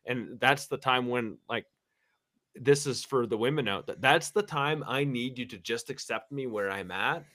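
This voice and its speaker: A man speaks with emphatic, impassioned conviction, his voice sitting at a medium pitch. He tends to repeat words as he presses his point. The talk is candid and direct. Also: normal speed, sharp tone. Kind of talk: candid conversation.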